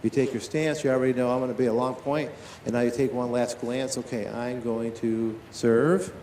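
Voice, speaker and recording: A man teaching tennis in a live on-court demonstration, talking to his players and to watching coaches with quick, lively questions. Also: medium pitch, roomy sound, a little hiss or hum.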